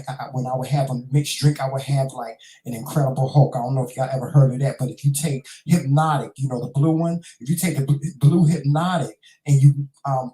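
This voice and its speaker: In an echoey room, a middle-aged talk show host with a dark, mid-range voice runs a casual live chat show. He addresses his viewers directly, calling them y'all, honey, and child, and frequently repeats himself.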